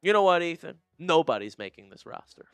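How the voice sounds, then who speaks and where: A man doing live play-by-play for a fan watch-party stream, swinging between shouted calls and low, disgusted muttering. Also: sing-song, brisk, clean tone, no room sound, soft background music.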